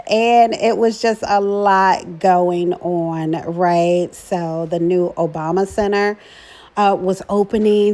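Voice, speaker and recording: Chatty woman with a slow, unhurried delivery. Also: medium pitch. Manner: chatty, keeps adding "right?"; warm and emotional about her daughter. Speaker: vlogger, mother. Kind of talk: casual travel vlog narration.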